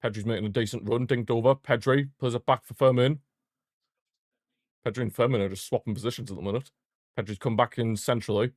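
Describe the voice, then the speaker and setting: A young man streaming a live football watchalong, chatting as a fan and shouting when his team scores. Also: medium pitch, quick pace, no room sound, studio quality. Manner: excitable fan, bursts into shouting at goals. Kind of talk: live match watchalong commentary.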